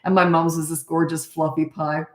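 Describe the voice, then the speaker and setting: A woman in her fifties talks casually on a parenting live stream, her voice sitting fairly low. She rambles warmly through stories, restarts her sentences and pokes fun at herself. The sound carries a roomy echo. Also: flat delivery, normal speed. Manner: chatty, storytelling, self-mocking, restarts and trails off. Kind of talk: casual livestream talk.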